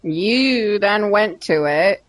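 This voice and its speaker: A woman's voice: medium pitch, lively intonation. A woman game streamer chatting casually and teasing her viewers and pets while she plays. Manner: playful, teasing, drawn-out. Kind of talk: casual chat while gaming.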